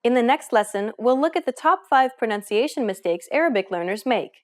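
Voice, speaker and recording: A woman's voice: on the high side, lively intonation, brisk. A woman hosting a language lesson, giving scripted, encouraging explanations in an upbeat way.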